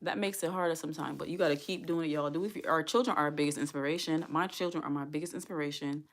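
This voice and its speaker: A single mom from the United States vlogs to her viewers in a casual livestream, her low-pitched voice fast and fairly even. She speaks earnestly and from the heart, repeating herself for emphasis.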